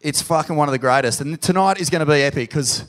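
Sweary, higher-pitched Australian man hosting. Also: fast talker, fairly bright tone. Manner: sweary, effusive, hyping the crowd. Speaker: podcast host. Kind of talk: live podcast hosting. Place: live show in a pub venue.

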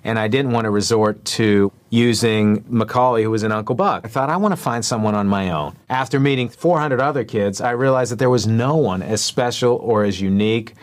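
A man in a film interview clip, recounting the casting in a reflective, measured way. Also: fairly low pitch.

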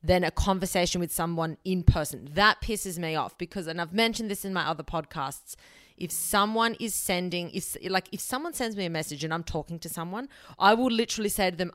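A woman's voice: on the low side, fairly quick, fairly bright tone, no room sound, studio quality. Blunt, swearing woman. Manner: blunt, emphatic, swears casually. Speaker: podcast host. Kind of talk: solo advice podcast monologue.

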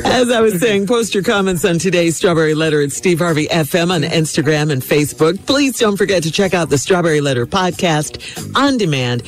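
A man's voice: fairly high pitch, expressive, a little fast, soft background music. Man wrapping up a radio segment. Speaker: radio co-host. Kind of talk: radio show wrap-up.

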